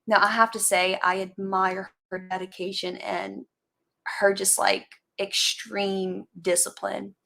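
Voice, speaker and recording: A woman's voice: medium pitch, flat delivery, slow pace, gravelly, sharp tone. A woman hosting a casual live stream, chatting in a rambling way and greeting viewers by name as they join. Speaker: livestream host chatting with viewers.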